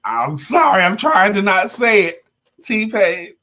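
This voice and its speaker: A man's voice: sits high, huge pitch swings, measured pace, sharp tone. A man co-hosting a live coaching talk show, talking in a casual, playful and emphatic way. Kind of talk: casual live-stream chat.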